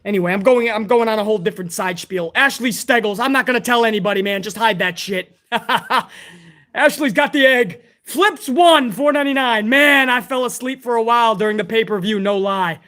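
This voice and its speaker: Stream host: man, hoarse, very high and bright, excitable, swears freely while reading fan messages. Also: normal speed. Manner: profane, excitable, chummy. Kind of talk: casual livestream commentary, reading fan messages.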